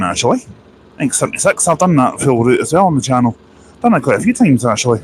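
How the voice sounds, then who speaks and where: A man's voice: medium pitch, big pitch swings, fast talker, background noise. A man with a sore throat chatting casually on a phone live stream outdoors by a bus station, rambling and reading out viewer comments.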